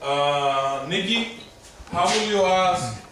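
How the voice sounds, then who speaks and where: A man's voice: a little high, lively intonation, slow pace, fairly bright tone, far from the mic, slight background noise. Male teacher in an echoey classroom. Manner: patient, asks students questions one by one. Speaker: language teacher. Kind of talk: classroom language lesson.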